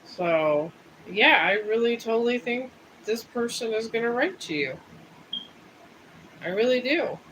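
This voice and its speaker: Male tarot reader on a livestream; high-ish voice, rambling and chatty, laid-back. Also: animated, measured pace, pauses often, pushed and bright, highs cut off, a little hiss or hum. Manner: rambling and chatty, drifting between topics. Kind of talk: casual livestream chat. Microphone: streaming setup.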